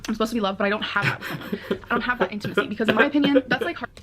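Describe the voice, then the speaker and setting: Woman vlogging about her feelings, talks quick, lots of likes, faint hum behind. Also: on the high side, fairly bright tone. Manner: earnest, rambling, many "like" fillers. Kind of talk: confessional vlog talk.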